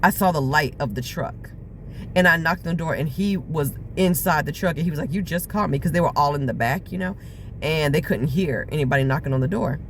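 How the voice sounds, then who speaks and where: A woman's voice: low voice, brisk, a little hiss or hum. A woman vlogger telling her own story in a personal video diary, earnest and reflective, with frequent fillers.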